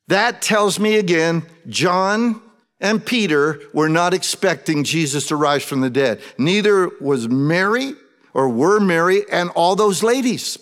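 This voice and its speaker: Pastor with booming hall reverb. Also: male voice, expressive, a little slow, a bit bright. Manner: conversational storytelling, acting out quoted voices. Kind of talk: sermon.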